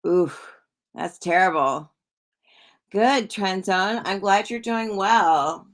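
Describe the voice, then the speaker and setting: A woman's voice: medium pitch, takes it slowly. A middle-aged woman hosting a casual livestream, chatting with viewers and reading their comments in a rambling way. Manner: chatty and rambling, with frequent restarts and soft laughs. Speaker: psychic livestream host.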